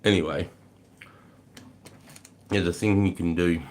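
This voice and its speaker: An Australian man hosting a casual livestream, greeting viewers and chatting with a relaxed, swearing, matey manner. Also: sits low, takes it slowly. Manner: swears freely, laid-back, greets chatters as mate and brother. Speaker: livestream host. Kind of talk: casual livestream chat reading comments.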